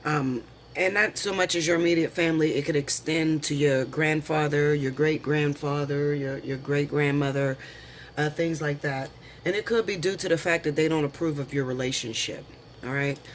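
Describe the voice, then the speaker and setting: A man's voice: fairly high pitch, fairly even intonation, slight background noise. A man doing a casual tarot reading, chatty and slangy, calling viewers honey and girl. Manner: lists the cards slowly, then talks them through. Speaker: tarot reader.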